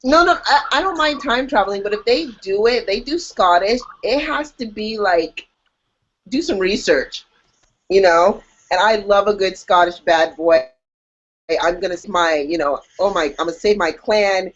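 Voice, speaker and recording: A woman co-hosting a podcast in casual chat, animated and jokey, acting out her own reactions. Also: medium pitch, normal speed. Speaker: podcast co-host. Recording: dull lo-fi audio.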